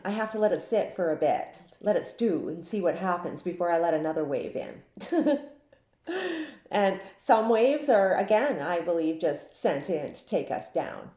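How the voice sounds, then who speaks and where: A woman's voice: mid-range voice, dark tone. Woman from saskatchewan chatting and confiding, laughs a lot, roomy echo. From Saskatchewan, Canada. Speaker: Facebook group admin. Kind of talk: casual monologue. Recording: echoey room.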